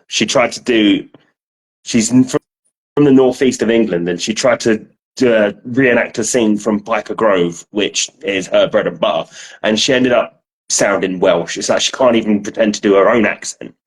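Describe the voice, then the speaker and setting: A man's voice: on the low side, normal speed, poor audio. A man co-hosting a casual podcast, bantering in a laid-back way and laughing at himself. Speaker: podcast co-host. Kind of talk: casual chat.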